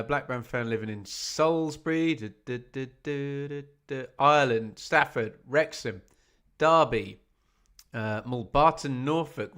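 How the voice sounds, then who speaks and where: A man's voice: mid-range voice, fairly bright tone. A man hosting a live football watch-along, talking casually to his viewers. He chats loosely, reads out their locations one after another, and makes fun of himself along the way. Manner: chatty, reads out viewer locations, self-mocking. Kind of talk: casual live-stream chat.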